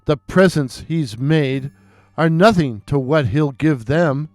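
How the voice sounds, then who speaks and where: Evil old stepmother in a folktale: shrill, scolding, loud, voiced by a male storyteller. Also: slow, no echo, studio quality, soft background music. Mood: bossy. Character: cruel shrill old stepmother, bossy and furious.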